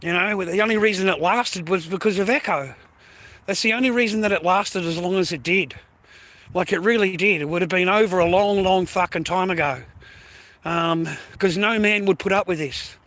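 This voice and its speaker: Poor audio with no room sound captures this Australian man's high, somewhat bright voice at a moderate pace. In a casual vlog he rants straight to camera, cursing a lot, saying things over and over, and addressing his audience as mates and boys.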